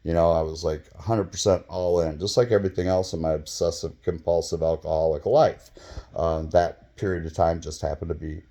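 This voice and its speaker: A man in his fifties telling a casual story, rambling and profane, with many fillers and sudden bursts of excitement. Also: sits low, brisk. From Michigan, US. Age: 50s. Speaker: vlogger telling his own stories.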